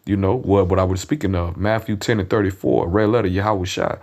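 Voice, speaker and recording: A man preaching informally from scripture, blunt and profane, often tagging his lines with "man" and "you know what I'm saying," and reading verses slowly with emphasis. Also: sits low, steady tone, a little mellow. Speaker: street preacher.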